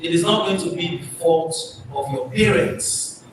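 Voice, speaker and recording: A man's voice: fairly high pitch, measured pace. A man giving a motivational speech to a live audience, preaching and firing rhetorical questions at the crowd. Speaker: motivational speaker. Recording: echoey hall from far off with noise.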